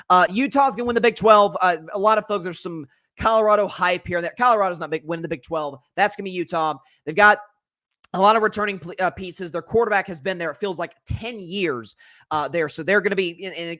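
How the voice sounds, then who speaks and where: High-voiced, energetic sports podcast host. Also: male voice, no echo, studio quality. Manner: energetic, opinionated, frequent fillers and restarts. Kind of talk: solo sports commentary podcast.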